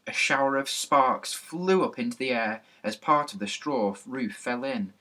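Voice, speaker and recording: A man reading a children's storybook aloud, narrating in a lively, even manner. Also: mid-range voice, measured pace, hardly any pauses. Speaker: reader.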